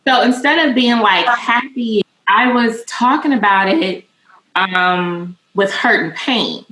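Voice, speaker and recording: Candid emotional woman in her thirties. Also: medium pitch. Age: 30s. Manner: emotional, cusses freely, animated. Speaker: podcast co-host. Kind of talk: candid personal storytelling. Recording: echoey room with faint noise.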